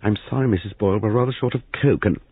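A man's voice: lowish voice, quick pace, slightly rough, no echo, pitched above the performer's own voice. A man voicing an anxious young wife who runs a guesthouse, with a flustered, pleading manner, heard in a phone-like, lo-fi reading.

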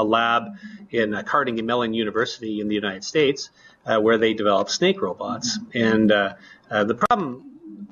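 Male researcher, plain mid pitch, relaxed and full of ums, slightly dull lo-fi audio from a lab. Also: slightly rough. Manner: relaxed, with many fillers. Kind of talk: explaining his research in an interview.

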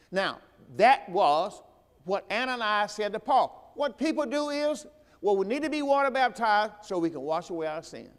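Preacher, man, high voice, call-and-response sermon, church hall reverb. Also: big pitch swings, normal speed. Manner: rises in pitch and volume when stressing a point. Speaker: pastor; host. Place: church sanctuary.

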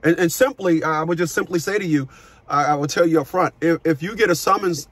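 A middle-aged man who coaches people on child support, talking forcefully on a call, cursing and repeating words as he starts sentences. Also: a little high, fairly quick, husky, no echo. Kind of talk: phone consultation with a caller.

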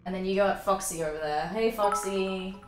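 A woman's voice: mid-range voice, moderate pace, reverberant, over music. A woman streaming a game live, chatting and swearing freely with her chat and sing-songing greetings, her voice a bit worn out.

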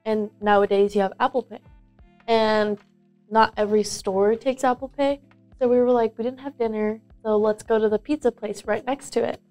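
A woman's voice: fairly high pitch, fairly even intonation, normal speed, darkish tone, soft background music. A young woman guest in a casual student interview, telling stories in a rambling way with many fillers. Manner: rambling, filler-heavy storytelling. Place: school.

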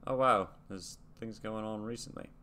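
A man's voice: fairly low pitch, normal speed, pushed and bright. A young American man casually reading facts aloud and musing, hosting a reaction video. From United States. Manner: reads facts aloud, muses and trails off.

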